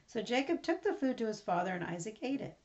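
A woman reading a scripture passage aloud at a steady pace, then explaining it in plain words with some fillers. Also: fairly high pitch, quick pace. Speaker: Bible study teacher. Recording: dull lo-fi recording.

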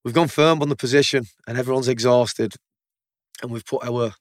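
A man's voice: mid-range voice, fairly even intonation, normal speed, no echo, clean studio sound. Blunt man telling war stories. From United Kingdom. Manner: blunt, swears freely, repeats words as he goes. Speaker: guest, military veteran. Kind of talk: casual storytelling in conversation.

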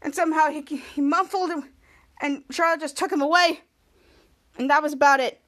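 A woman's voice: high voice, steady tone, brisk, fairly bright tone. A young woman hosting a podcast, casually recapping a TV episode scene by scene, with many restarts as she acts out the characters' lines. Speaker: podcast host.

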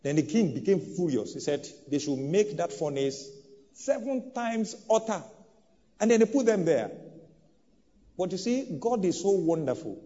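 A man, a pastor preaching a sermon to a congregation in a church hall, with big swings in volume and emphasis. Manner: preaching with bold swings of pitch and loudness. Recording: dull sound with long hall reverb.

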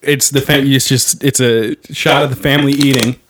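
A man's voice: mid-range voice, steady tone, moderate pace, background noise. A man co-hosting a podcast, joking crudely and acting out silly scenes through constant laughter. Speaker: podcast co-host. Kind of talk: crude comedic banter.

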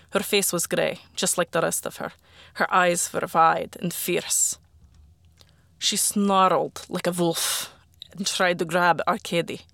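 Gravelly audiobook reader, quiet and dry. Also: medium pitch, dry recording. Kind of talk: first-person audiobook narration.

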